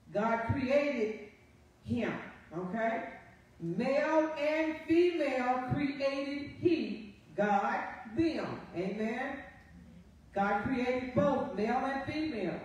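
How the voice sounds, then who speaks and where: A woman's voice: high voice, far from the mic. A woman pastor preaching a sermon, reading scripture aloud and often asking the congregation "Amen?". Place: church sanctuary. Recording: very echoey live church feed from afar.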